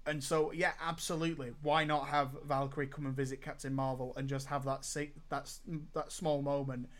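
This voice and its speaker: This podcast co-host talks films in a relaxed review chat, emphatic and enthusiastic, tending to repeat words when he begins. He speaks briskly, with a mid-range voice and flat delivery.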